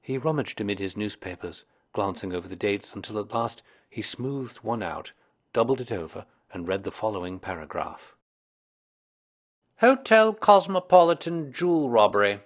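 A male storyteller reading a classic detective story aloud in a measured, expressive way. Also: fairly low pitch, husky.

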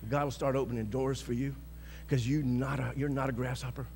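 A male pastor preaching a sermon, telling a story with lots of chuckles and shouting out bold declarations. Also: mid-range voice, flat delivery, a little fast, big-room sound, a little hiss or hum.

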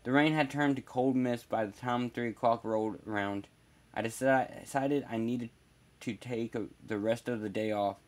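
A man's voice: medium pitch, normal speed. A man narrating a first-person horror story in a plain, wry storytelling manner.

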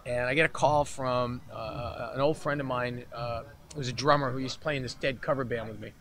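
Speaking fairly quickly in a mid-range voice, this male musician is a guest at a relaxed festival interview. He tells stories with lively energy, putting on the voices of the characters involved.

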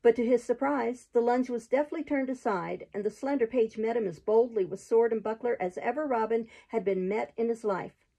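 A woman reading a classic adventure tale aloud chapter by chapter in a gentle, steady manner. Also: a little high, moderate pace, creaky, slightly rough, poor audio. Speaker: host reading a book aloud. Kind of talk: storybook read-aloud.

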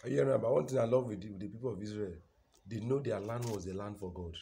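A man's voice: on the low side, rapid-fire, vocal fry. Emphatic Nigerian man preaching a sermon. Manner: call-and-response questions, loud emphatic delivery.

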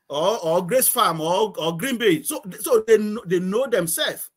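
A man's voice: high-pitched, expressive, a little slow. A middle-aged man from Nigeria, a guest chatting casually in an interview, rambling, repeating words and laughing often.

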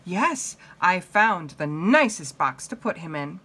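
A woman's voice: fairly low pitch, very animated, slow pace, bright, forceful tone, breathy edge, heavily acted. A woman voicing a cheerful, literal-minded housemaid in a storybook read-aloud, chirpy and eager to please. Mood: innocent.

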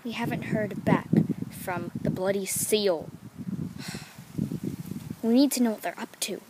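A woman voicing every figure in a homemade toy-figure story, excitable and giggly as she jumps between playful character voices. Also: medium pitch, a little slow, very noisy. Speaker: toy video creator voicing all figures.

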